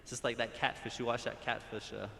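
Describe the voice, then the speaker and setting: A man's voice: flat delivery, fast, creaky, sharp tone. A man who works in school counseling speaks from the audience at a community forum, earnest, often restarting and repeating his phrases. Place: large hall. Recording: echoey hall with faint rumble.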